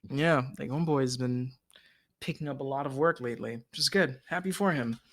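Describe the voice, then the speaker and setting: A man co-hosting a casual podcast chat, excitable, swearing and acting out scenes in a raised voice. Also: mid-range voice, fairly quick. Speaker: podcast co-host.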